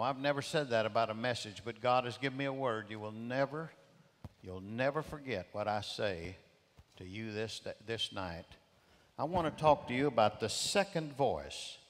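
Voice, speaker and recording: A man's voice: medium pitch, animated, normal speed. Male guest preacher, emphatic sermon delivery, repeats lines, big-hall reverb. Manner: emphatic, repeats key phrases. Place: large church auditorium. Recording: long reverb of a large hall.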